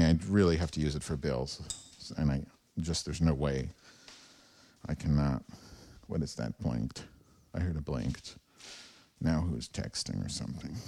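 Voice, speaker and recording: A man's voice: sits low, warm tone. A man hosting his own podcast from home on a wireless lavalier mic. He rambles in a profane, self-deprecating solo monologue. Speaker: podcast host. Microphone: wireless lavalier transmitter.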